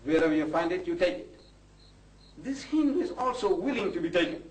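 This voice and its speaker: Impassioned preacher, echoey hall. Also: male voice, lively intonation, a little fast, darkish tone. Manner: impassioned, rhetorical questions, jumps in pitch. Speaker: Islamic preacher. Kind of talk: lecture to a live audience. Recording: echoey hall from far off, faint hiss.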